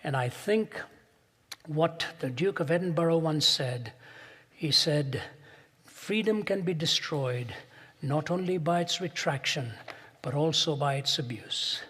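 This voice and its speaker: A man preaching a sermon in a large hall, telling stories, building to emphatic peaks and dropping soft for quoted asides. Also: a little high, lively intonation, slow, husky.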